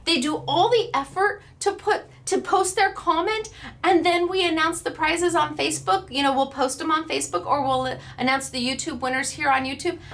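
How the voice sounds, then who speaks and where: Woman, craft class host, bubbly, chatty, laughs often, slightly high voice. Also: a bit bright. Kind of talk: casual chat to online viewers.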